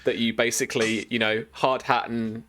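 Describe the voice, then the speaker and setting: A man's voice: mid-range voice, little pitch movement, moderate pace, fairly bright tone. A British man narrating as game master, rambling with many restarts and fillers.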